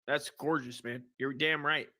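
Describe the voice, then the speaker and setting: A man's voice: medium pitch, fairly even intonation, measured pace, pushed and bright, dry recording, studio quality. A man in his forties co-hosting a comedy podcast, joking around loosely and swearing a lot. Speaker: podcast co-host. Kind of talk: casual comedy podcast chat.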